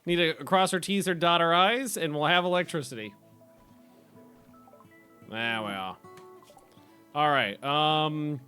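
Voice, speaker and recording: A man's voice: a little high, fairly bright tone, clean tone. A man hosting a gaming video, giving casual let's-play commentary and repeating short phrases to himself as he plays.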